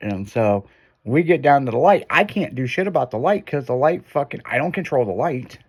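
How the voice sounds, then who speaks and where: A man's voice: medium pitch, a little fast, husky. A man hosting a casual chat, telling a long profane story with lots of swearing and acted-out quotes. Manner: profane, animated storyteller who acts out quotes.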